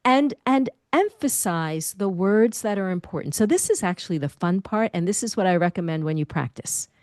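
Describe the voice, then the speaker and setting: A middle-aged woman, a speaking confidence coach, giving lively advice in an interview and demonstrating different voice habits. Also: medium pitch, moderate pace, dry recording, clean studio sound.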